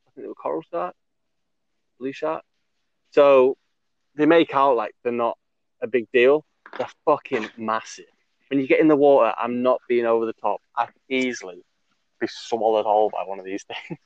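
A man's voice: mid-range voice, clean tone, no echo. Guy hosting a chat, swears a lot, laughs a lot, dry muffled audio. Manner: laughs often, swears casually, rambling with fillers. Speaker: podcast host. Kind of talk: casual storytelling chat. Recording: dull lo-fi recording.

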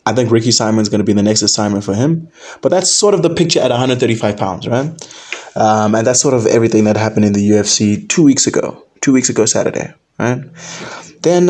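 A man's voice: mid-range voice, darkish tone. Casual rambling young man commentator. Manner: rambling, with frequent "man" and "right?". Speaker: combat sports podcast host.

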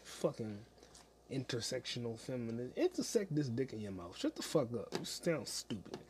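A man's voice: medium pitch, very animated, moderate pace, darkish tone, slight background noise. A young man hosting a solo podcast from home, ranting with heavy profanity and frequent laughter. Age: young adult. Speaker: podcast host. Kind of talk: casual solo podcast rant.

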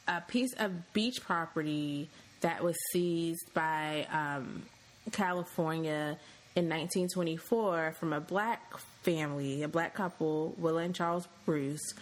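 A woman's voice: sits low, poor audio. A woman co-hosting a casual podcast, talking conversationally and thinking aloud with frequent ums. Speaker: podcast co-host.

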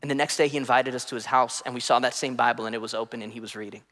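A man preaching a sermon as pastor, swinging between impassioned emphatic peaks and soft drops, with casual storytelling asides and fillers to his congregation. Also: medium pitch, steady tone, rapid-fire, in a large hall.

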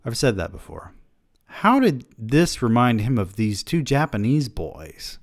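A man's voice: medium pitch, very animated, a little slow, no room sound, clean studio sound. A man reading a story aloud who keeps breaking off to mock himself in sardonic comic asides. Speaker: reader of a story.

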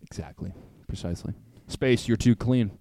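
A man co-hosting a podcast, loud and crude, joking and laughing often in casual banter. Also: fairly low pitch, moderate pace, creaky, a little hiss or hum. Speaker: podcast co-host. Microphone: podcast mic.

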